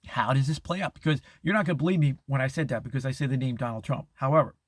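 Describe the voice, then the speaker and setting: A man's voice: mid-range voice, rapid-fire, no room sound, studio quality. A middle-aged man hosting a casual monologue, rambling with restarts and chuckling as he acts out quoted voices. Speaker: host.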